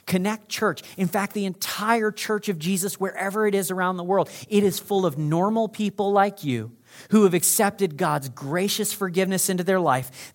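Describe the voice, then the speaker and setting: A male pastor preaching a sermon, moving from loud, urgent calls to soft, hushed prayer. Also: fairly high pitch.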